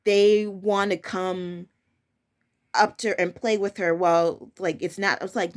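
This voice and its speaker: A woman's voice: fairly low pitch, steady tone, measured pace. A young woman chats about her work as a preschool teacher in a frank, firm way. She often restarts and corrects herself mid-sentence, then pushes on with plain, direct words. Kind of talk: casual personal storytelling.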